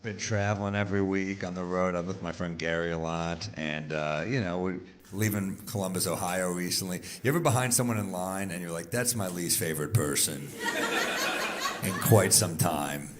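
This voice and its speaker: A man telling jokes in a stand-up set, with a dry, deadpan delivery. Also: low-pitched, moderate pace, background noise. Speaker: stand-up comedian.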